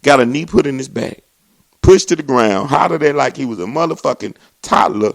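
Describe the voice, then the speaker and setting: Gravelly man ranting. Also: brisk, dry recording. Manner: animated, swings into mocking voices and high exclamations. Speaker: comedy show host. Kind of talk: profane comedic rant.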